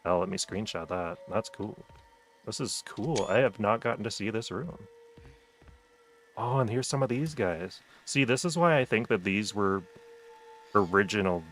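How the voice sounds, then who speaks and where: A man's voice: lowish voice, lively intonation, moderate pace. A man streaming a game late at night, chatting casually, joking, and talking to the characters on screen. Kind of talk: casual gameplay commentary.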